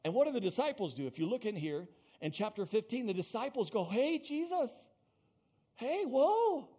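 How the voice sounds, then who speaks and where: A man's voice: sits high, sing-song, quick pace, a little mellow, husky. A man preaching a sermon as pastor, speaking emphatically, repeating his phrases and calling out to the congregation.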